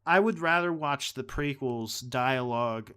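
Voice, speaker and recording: A man's voice: mid-range voice, unhurried, a bit bright, clean tone. A man hosting a live stream, talking casually in a rambling, heated way with many restarts. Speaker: streamer host.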